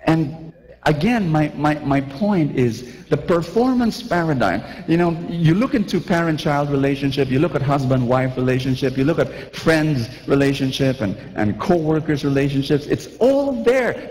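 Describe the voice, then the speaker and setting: A man preaching a lively sermon, acting out little scenes and asking the crowd questions. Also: fairly high pitch, in a large hall, rough recording.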